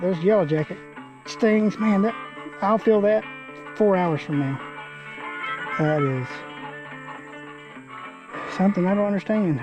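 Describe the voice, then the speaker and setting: A man's voice: sits high, lo-fi sound. A man giving casual outdoor fishing commentary by a creek, folksy and talking to the fish. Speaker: fishing vlogger.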